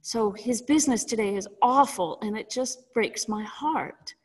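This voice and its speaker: A woman voicing a grieving older mother who is always weeping, speaking softly and slowly. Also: on the high side, big-room sound. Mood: sorrowful.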